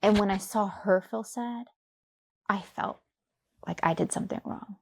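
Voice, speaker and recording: A young adult woman from Louisiana, an interview guest telling her own story in a reflective, soft-spoken way with many fillers. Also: medium pitch, measured pace, vocal fry, a little hiss or hum. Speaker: podcast guest. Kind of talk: personal story in a conversational interview.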